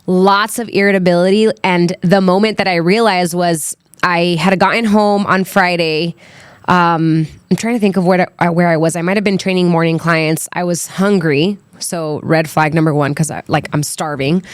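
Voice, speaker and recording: A woman's voice: lowish voice, steady tone, normal speed, clear, resonant tone, no echo, studio quality. A young adult woman hosting a podcast, telling a personal story in a candid, chatty way with lots of "like" and "um". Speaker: podcast host. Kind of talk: casual solo podcast storytelling.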